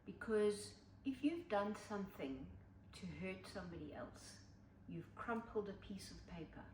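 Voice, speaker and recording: Older woman, measured, roomy distant sound. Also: mid-range voice, lively intonation. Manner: measured, giving advice with homely images. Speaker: podcast co-host. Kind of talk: casual chat. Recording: roomy, distant mic, faint noise.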